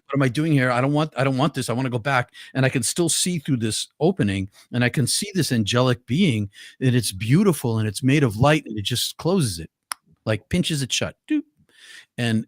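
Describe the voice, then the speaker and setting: A man's voice: medium pitch, no echo. An older man with a mid-range voice recounts a personal story in an earnest, vivid way, often stopping to restart or repeat words. The sound is close and dry with no room around it. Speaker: guest.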